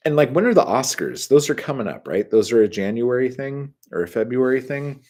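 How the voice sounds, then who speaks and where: A man's voice: mid-range voice, lively intonation, a little fast, a little mellow, slight background noise. A man casually telling rambling, profanity-laced stories and answering his live chat, full of filler words.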